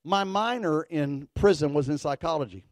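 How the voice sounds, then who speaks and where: A middle-aged man, a pastor telling a folksy story in a sermon, animated and building to fervent declarations. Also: on the high side, normal speed, no room sound.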